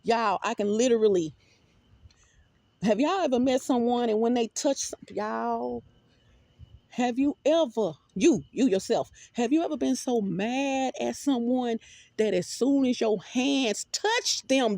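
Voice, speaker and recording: A woman's voice: a little high, a little slow, a little mellow, dry recording. A woman talking casually to her viewers in a rambling, emphatic way, repeating words and swearing freely. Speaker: vlogger.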